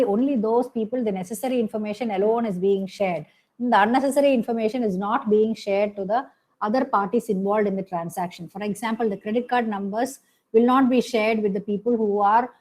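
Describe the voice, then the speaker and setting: A woman's voice: fairly high pitch, a little mellow, low-quality recording. A woman giving a recorded lecture, explaining step by step with frequent "okay" and "hmm" fillers and self-corrections.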